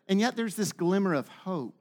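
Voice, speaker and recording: A man's voice: high-pitched, animated, normal speed, a little mellow. A man preaching a sermon, teaching with frequent rhetorical questions to the room. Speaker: pastor.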